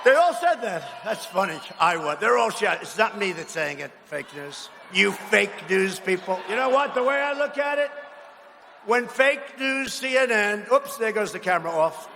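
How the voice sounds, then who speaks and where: A man giving a rally speech in a large arena, mocking and repeating himself and shouting lines to the crowd. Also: high-pitched, sing-song, normal speed, gravelly. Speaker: political speaker at a rally. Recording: long arena reverb, faint noise.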